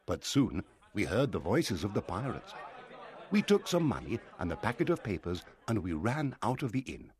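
A man narrating a storybook aloud in an expressive reading style. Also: on the low side, normal speed. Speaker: audiobook narrator.

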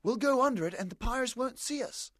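A man's voice: very high-pitched, expressive, fairly quick, a bit bright, dry recording, studio quality, pitched above the performer's own voice, heavily acted. A man reading a storybook and voicing an anxious young boy who pleads urgently.

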